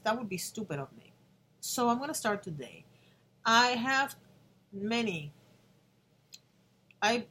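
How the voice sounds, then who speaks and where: A woman's voice: mid-range voice, fairly bright tone, slight background noise. A woman in her fifties talking earnestly to the camera in a personal vlog, with frequent restarts and emotional moments. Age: 50s. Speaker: vlogger.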